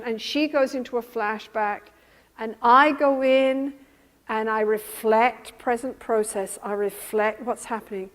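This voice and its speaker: A woman teaching a room of therapists in a calm, measured way, her voice sitting fairly high. She slows and softens as she models how to soothe a client. The sound rings with a long reverb, as in a lecture hall. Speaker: therapy trainer. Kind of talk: teaching lecture with role-played therapy examples.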